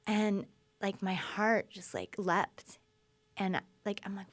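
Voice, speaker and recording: A woman guest telling her story in conversation, lively and acting out quoted speech. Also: on the low side, measured pace. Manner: animated, acts out quoted speech.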